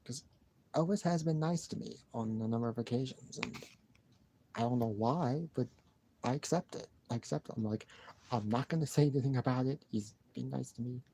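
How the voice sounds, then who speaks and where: A man's voice: mid-range voice, fairly quick, warm tone, breathy edge. A man chatting casually on a live stream, rambling and repeating himself with sighs and restarts.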